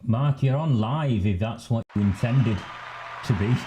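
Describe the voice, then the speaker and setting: A man from northern England hosting a live-stream political commentary, speaking in a slow, deliberate way with asides. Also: mid-range voice, very noisy. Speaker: host.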